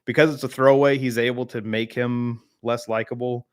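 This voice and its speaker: A man's voice: medium pitch, level tone, brisk. A man from the American South hosting a casual live-stream chat, rambling with many fillers and replying to viewers by name. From Southern United States.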